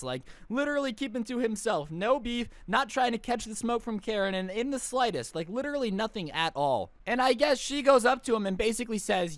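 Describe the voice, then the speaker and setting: A young adult man telling a storytime vlog in a casual, animated, slangy way with lots of joking asides. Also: high voice, no room sound. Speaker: storytime vlogger.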